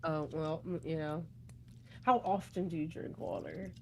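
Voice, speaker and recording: A woman's voice: sits low, fairly even intonation, a little slow, slight background noise. A woman co-hosting a livestream in easygoing, chatty talk, laughing often. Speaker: livestream co-host. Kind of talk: casual livestream chat.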